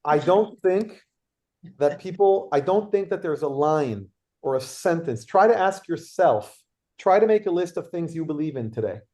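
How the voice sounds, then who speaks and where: A man leading a workshop, telling lively anecdotes and acting out quotes. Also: fairly high pitch, moderate pace. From Israel. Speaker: workshop leader. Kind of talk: workshop talk with storytelling.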